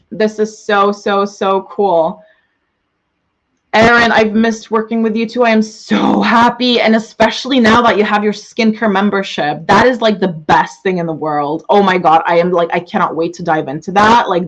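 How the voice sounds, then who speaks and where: A young woman business coach closing a live webinar, gushing and excitable, swearing freely as she greets viewers. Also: medium pitch, low-quality recording.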